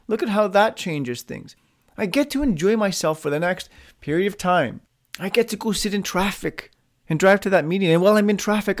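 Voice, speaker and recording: A man delivers a solo motivational podcast in a loose, conversational way. He is blunt and salty, tossing out swear words and rhetorical questions, and his voice climbs whenever he turns upbeat. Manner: lively, pitch rises when upbeat. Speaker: podcast host.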